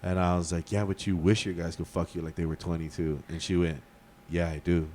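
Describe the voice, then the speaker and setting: A man's voice: deep voice, level tone, a little fast, darkish tone, slight background noise. A man, co-hosting a podcast and telling a story in a rambling, laid-back way. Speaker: podcast co-host. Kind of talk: casual chat, storytelling.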